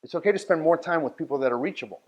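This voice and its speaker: A man with a fairly high voice leads a workshop. He talks bluntly and directly and keeps checking in with the people listening. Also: very fast, dull audio. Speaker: outreach workshop leader. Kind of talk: workshop talk.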